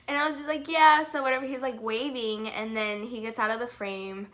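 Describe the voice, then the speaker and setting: Young woman vlogger, higher bright voice, gushing giggly storytime delivery. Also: steady tone, brisk. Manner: gushing, lots of "like", breaks into giggles. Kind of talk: excited storytime vlog.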